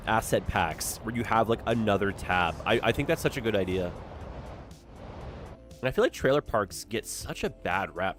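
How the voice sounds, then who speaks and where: A man with a lowish voice chats his way through a city-building stream, his pitch swinging widely between mumbled asides and loud outbursts. Faint music plays behind him. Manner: chatty, easily distracted, dramatic exclamations. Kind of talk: casual gameplay commentary.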